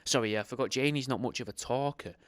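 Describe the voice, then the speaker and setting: Young male host, sarcastic reader who swears freely; smooth voice, dry close recording. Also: mid-range voice, fast, no room sound. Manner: sarcastic, swears a lot, rambling asides. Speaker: host reading a book aloud. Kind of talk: reading aloud with off-the-cuff commentary.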